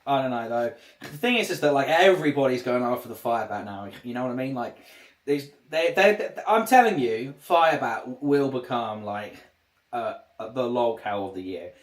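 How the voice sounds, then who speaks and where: A man's voice: medium pitch, animated, moderate pace. A man, chatting casually on a livestream and rambling through restarted sentences. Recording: roomy echo.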